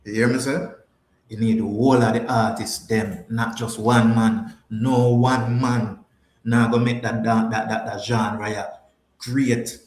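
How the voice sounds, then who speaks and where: A man's voice: medium pitch, little pitch movement, unhurried, darkish tone, roomy sound. Jamaican man riffing on a podcast. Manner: emphatic, repeats phrases. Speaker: podcast host. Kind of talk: casual livestream chat, answering viewers.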